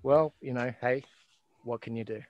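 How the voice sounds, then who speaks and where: A man's voice: medium pitch, fairly even intonation, normal speed, no echo, dull audio. Rambling man hosting a casual chat. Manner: rambling, many fillers and restarts. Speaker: host.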